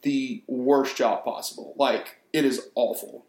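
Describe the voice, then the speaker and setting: A man's voice: mid-range voice, fairly even intonation, unhurried, darkish tone. A man in his twenties chatting casually, easygoing and thoughtful, hedging with fillers. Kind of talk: casual chat. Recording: echoey room.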